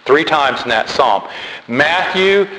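Animated preacher in an echoey hall. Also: male voice, a little high, takes it slowly. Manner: animated, repetitive emphatic delivery. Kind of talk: sermon. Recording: echoey hall with faint noise.

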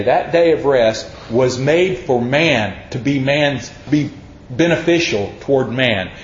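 A man preaching in an easygoing, storytelling way, slipping into the voices of the people he quotes. His voice sits in a roomy, echoing space, and the recording sounds dull and lo-fi with a faint background hum. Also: medium pitch. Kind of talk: folksy conversational sermon.

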